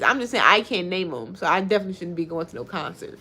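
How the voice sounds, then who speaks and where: Low, gravelly-voiced woman livestreaming. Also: lively intonation, fast talker, pushed and bright, slight background noise. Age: 30s. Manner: chatty, reacts to viewer comments; laughs often while talking. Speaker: livestream host. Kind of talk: casual livestream chat.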